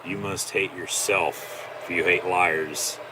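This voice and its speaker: A man with a fairly low voice talks through a live watch-along, swearing often and mocking what he sees. He sounds exasperated and sarcastic. A faint steady hum sits under the recording. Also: takes it slowly. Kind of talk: live reaction commentary.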